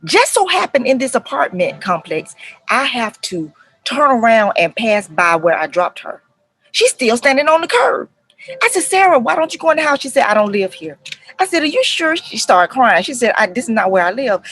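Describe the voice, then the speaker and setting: A middle-aged woman, a counselor telling stories to parents in a lively, conversational way and acting out the voices. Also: on the high side, normal speed, rough recording. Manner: animated retelling, acts out voices, addresses viewers as y'all. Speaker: counselor and life coach speaking to parents. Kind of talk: casual talk to camera, storytelling.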